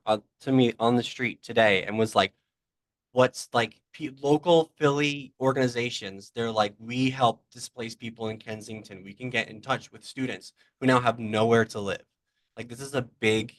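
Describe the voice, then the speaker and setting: A man speaking up in an online teach-in, halting and repeating words as he talks earnestly. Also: medium pitch, fairly bright tone, no room sound. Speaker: student participant. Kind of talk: online meeting comment.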